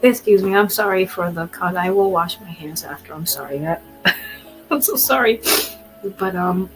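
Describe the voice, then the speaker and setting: A woman's voice: fairly low pitch, unhurried, pauses often, over music, low-quality recording. A woman telling a personal story in a rambling, apologetic way, tearful at times and laughing between lines. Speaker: pet owner sharing a personal story.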